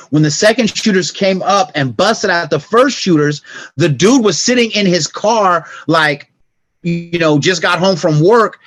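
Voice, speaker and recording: In a relaxed podcast chat, a middle-aged guest with a fairly high, slightly rough voice tells stories, performing scenes with sound effects and growing quiet and reflective when things turn emotional. There's no echo on the recording.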